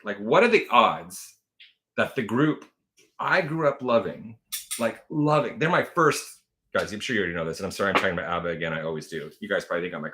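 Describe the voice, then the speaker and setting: A man's voice: low-pitched, sharp tone. A man in his forties hosting a casual livestream from home, chatty and gushing, laughing often and answering viewer comments. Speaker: livestream host.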